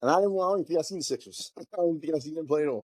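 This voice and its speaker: A man on a casual podcast who rattles his words out quickly in a laid-back, self-deprecating way. His slightly high voice sounds close and dry, with no room around it. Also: a little mellow, no echo. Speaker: podcast co-host.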